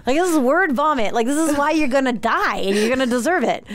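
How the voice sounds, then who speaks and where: A fast-talking woman with a high, expressive voice co-hosts and tells a long, animated story, laughing often and acting out different voices.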